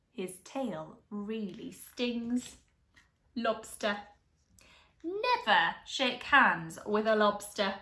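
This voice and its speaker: A woman preschool teacher reading a picture book aloud to young children, gasping and asking them questions. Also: fairly high pitch. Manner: animated, gasps and asks children questions. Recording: echoey room.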